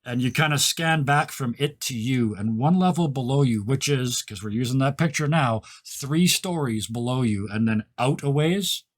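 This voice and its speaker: A man narrating as game master of a tabletop game, descriptive and halting with fillers. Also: mid-range voice.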